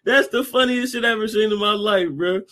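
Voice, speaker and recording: Animated high-voiced man riffing on a movie. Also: a little fast. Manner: animated, laughing, acting out movie lines. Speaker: podcast co-host. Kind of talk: casual movie chat.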